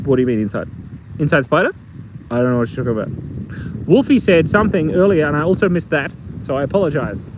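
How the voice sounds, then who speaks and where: A middle-aged Australian man with a fairly high voice, big pitch swings and a fast pace chats playfully on a live stream from the bush. He rambles, tells jokes and reads the chat aloud, captured on a phone against a noisy background.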